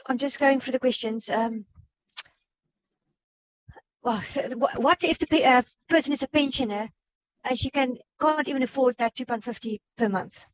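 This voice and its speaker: A woman's voice: sits high, moderate pace, long pauses, dry recording, poor audio. A woman on a webinar reading out audience questions and adding her own remarks, with small stumbles. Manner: plain, reads questions aloud with small stumbles. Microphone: video call.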